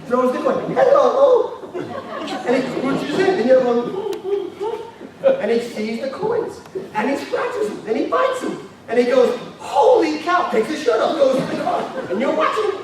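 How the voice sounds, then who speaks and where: A man in his fifties giving an animated, shouting seminar talk, telling a story and laughing as he goes. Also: extremely high pitch. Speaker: motivational speaker. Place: large hall with a live audience. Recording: echoey hall from far off, crowd noise.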